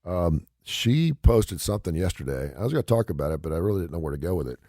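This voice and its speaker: A man's voice: low-pitched, sing-song, fast talker, mellow, no room sound, studio quality. A man hosting a radio talk show, chatting casually and retelling stories with quoted lines. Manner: rambling storyteller, retells scenes with quoted lines.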